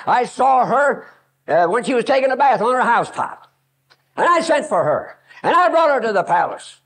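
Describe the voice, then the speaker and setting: A man's voice: very high voice, fairly bright tone, voice pushed up, full character voice, rough recording. A man voicing a grieving, remorseful old king. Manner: lamenting, confessional.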